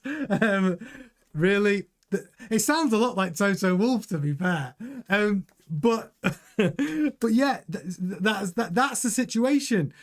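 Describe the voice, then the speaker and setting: A man's voice: high voice, lively intonation, slow pace. Chatty man hosting a live stream. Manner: chatty, restarts and repeats words. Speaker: host. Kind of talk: live-stream news commentary, reading chat.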